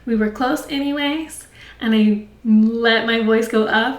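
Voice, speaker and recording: A woman with a slightly high voice speaks brightly and encouragingly, coaching parents through everyday routines and laughing easily between points. Her voice sounds roomy, picked up from a little way off the mic. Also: measured pace, distant mic, slight background noise. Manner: upbeat, encouraging, laughs often. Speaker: speech therapist. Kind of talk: instructional talk to parents.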